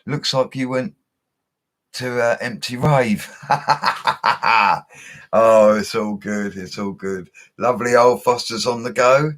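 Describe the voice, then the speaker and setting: A man's voice: mid-range voice, takes it slowly, fairly bright tone. A young man, hosting a casual livestream, reading out viewer comments in a laid-back, slangy way. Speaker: bricklayer livestream host. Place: home setup he calls a studio.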